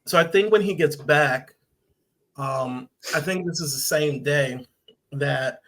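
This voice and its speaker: A man hosts a casual review podcast in a slightly higher voice. He rambles as he recaps scenes and acts out the characters' lines. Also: slow, a bit bright. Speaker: podcast host.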